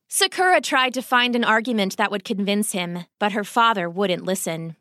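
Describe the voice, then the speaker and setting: A woman reading a children's storybook aloud in an expressive, gentle way. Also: mid-range voice, moderate pace, few pauses, no room sound, clean studio sound.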